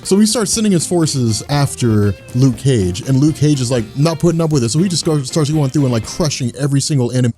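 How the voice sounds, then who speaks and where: A man's voice: medium pitch, expressive, fairly quick, hardly any pauses, warm tone, faint music behind. A man hosting a casual chat, rambling through a story and laughing often. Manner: laughing, rambling retelling of a comic plot. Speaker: host.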